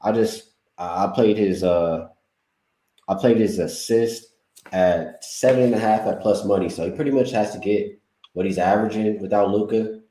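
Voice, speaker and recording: Deep, mellow man in an echoey room. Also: moderate pace. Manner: laid-back, relaxed slang. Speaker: sports betting panelist. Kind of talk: casual sports betting talk.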